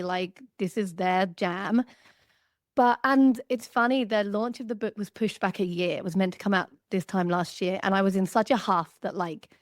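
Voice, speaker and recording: An Australian woman in her thirties, a guest author talking in a chatty, animated way on a podcast. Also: medium pitch, no room sound, clean studio sound. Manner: animated, chatty, lots of "like" fillers. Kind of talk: podcast conversation.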